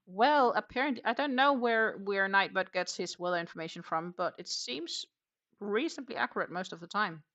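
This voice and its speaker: Female crochet streamer, casual rambling chat with viewers, lowish gravelly voice with a bright edge. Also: lively intonation, a little fast, dull audio. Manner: chatty, rambling, reads viewer comments aloud. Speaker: crochet livestream host.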